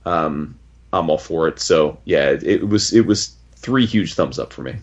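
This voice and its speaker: A man's voice: rumbling low, lively intonation, a little slow. A man casually reviewing a comic book on a podcast, enthusiastic and rambling, with frequent restarts. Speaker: podcast co-host. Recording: dull lo-fi audio.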